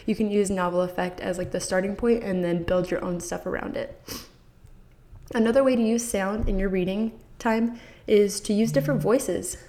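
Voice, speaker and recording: A woman's voice: mid-range voice, steady tone, moderate pace, mellow, a little hiss or hum. Upbeat woman hosting an advice podcast. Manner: enthusiastic and encouraging, speaks straight to listeners. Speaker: podcast host.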